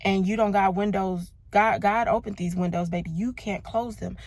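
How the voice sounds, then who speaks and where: A woman in her thirties from Los Angeles, gives an emphatic, expressive faith testimony in a casual vlog. Her pitch sits in a middle range. The recording is close and dry, with no room sound. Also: normal speed, no room sound. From Los Angeles, United States. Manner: expressive, emphatic, calls listeners "baby" and "y'all". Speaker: vlogger.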